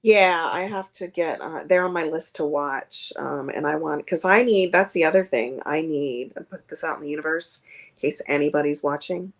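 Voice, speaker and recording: A woman's voice: low-pitched, moderate pace. A woman comedian chatting as a guest on a streamed video call, rambling with many fillers. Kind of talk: casual interview chat.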